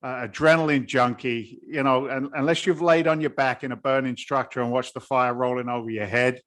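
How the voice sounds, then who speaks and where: A man's voice: medium pitch, steady tone, a little fast, a bit bright. A man in his fifties from England, with a blended London and Boston accent, chatting as an interview guest in a rambling, blue-collar way. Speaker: guest, real estate investor. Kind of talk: casual conversation.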